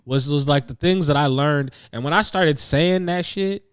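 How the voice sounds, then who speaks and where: A man co-hosting a casual podcast chat, American with a slight British touch, talking in a relaxed, rambling, slangy way. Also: on the high side, moderate pace, clean tone, dry recording, clean studio sound. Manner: laid-back, rambling, slangy. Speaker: podcast co-host. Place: living room couch.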